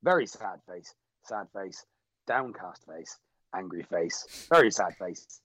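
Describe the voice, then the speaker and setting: Brief: male podcast co-host, casual and chatty, animated pitch, dry close sound. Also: slow, no echo. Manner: chatty, reads out listener messages. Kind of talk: casual chat. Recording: dry, slightly muffled lo-fi recording.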